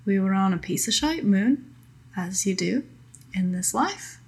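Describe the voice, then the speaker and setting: Woman voicing a tired ship's doctor, husky voice, slow halting speech, full of pauses. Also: mid-range voice, animated, darkish tone. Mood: hesitant. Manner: hesitant, halting, apologetic. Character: weary female ship's doctor, rough-edged.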